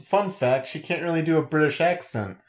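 A man's voice: on the high side, fairly quick. Dry, jokey male podcast co-host. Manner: dry, jokey, riffs on wordplay. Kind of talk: casual chat.

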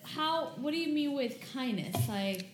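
Woman podcast co-host, blunt, rambling, high voice, echoey room. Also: lively intonation, measured pace, slight background noise. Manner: blunt, rambling, laughs often. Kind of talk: casual chat.

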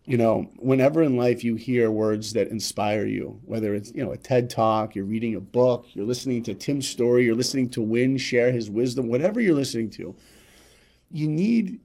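Speaking at a normal speed and medium pitch, this podcast guest recounts a motivational story. He is emphatic and repetitive, alternating between loud and hushed delivery.

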